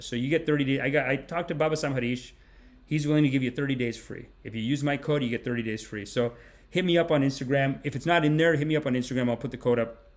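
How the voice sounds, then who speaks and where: A male podcast host and comedian telling a story as a riled-up, sarcastic, profane rant. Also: mid-range voice.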